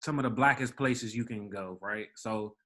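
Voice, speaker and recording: A young man from the Washington DC area of Maryland co-hosts a podcast and tells a story in casual chat. He's an animated storyteller who acts out the voices of the people involved, speaking at normal speed in a fairly low voice.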